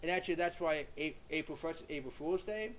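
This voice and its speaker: High-voiced man rambling chattily. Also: fast, slight background noise. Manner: rambling, chatty, many fillers and restarts. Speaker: YouTube creator. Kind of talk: casual storytelling monologue. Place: at home.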